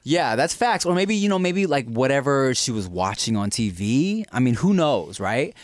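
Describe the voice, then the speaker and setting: A man's voice: mid-range voice, big pitch swings, normal speed, no echo, clean studio sound. A man from Southern California telling childhood stories in casual podcast chat, laughing often and acting out the quotes.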